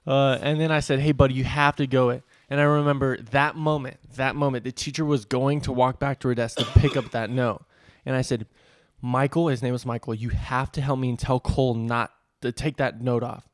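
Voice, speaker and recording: A Californian man co-hosting a comedy podcast, telling a childhood story in an animated, laughing way. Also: medium pitch, brisk, few pauses, no echo, studio quality. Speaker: podcast co-host. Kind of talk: casual storytelling.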